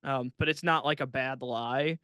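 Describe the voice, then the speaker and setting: A man with a bright, forceful, slightly high voice, chatting casually as a comedian co-hosting a podcast. His tone is smooth and crisp and the sound is dry and close. He keeps breaking into giggles as he talks. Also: fairly even intonation, normal speed, no room sound, muffled recording. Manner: giggly, laughs often mid-sentence. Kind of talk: casual chat.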